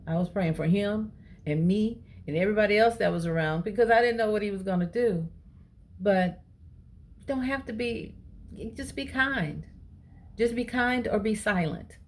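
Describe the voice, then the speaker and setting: A woman, chatting to her viewers and retelling an everyday encounter with lively quoted dialogue. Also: mid-range voice, gravelly. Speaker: vlogger. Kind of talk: casual storytelling to camera.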